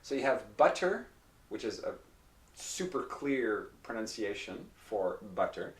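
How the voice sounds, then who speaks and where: A man teaching pronunciation. He explains patiently and repeats example phrases slowly and carefully. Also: fairly low pitch. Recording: roomy echo, mic at a distance.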